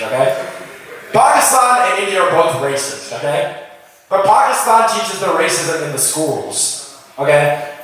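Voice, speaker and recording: A young man performing a stand-up comedy set, riffing with the crowd in an animated way. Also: on the high side. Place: comedy venue with a live audience. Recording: echoey room, mic heard from a distance.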